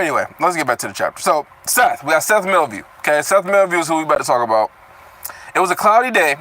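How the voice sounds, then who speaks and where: Animated young man riffing over a chapter. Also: sits high, rough recording. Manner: animated, swears freely, breaks off reading to riff, stumbles over words. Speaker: reaction streamer reading a web novel aloud. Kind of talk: casual live reading with commentary.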